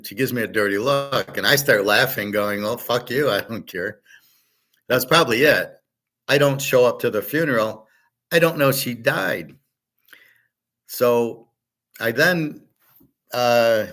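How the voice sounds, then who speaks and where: A man's voice: mid-range voice, a bit bright. A middle-aged man hosting a show, talking in a blunt, rambling, casual way and swearing now and then. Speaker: show host.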